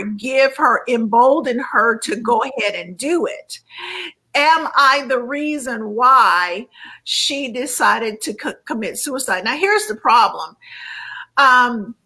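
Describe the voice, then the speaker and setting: A woman sharing a personal faith testimony as an interview guest, earnest and measured, often repeating words as she searches for them. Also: high voice, pushed and bright, slightly rough, poor audio.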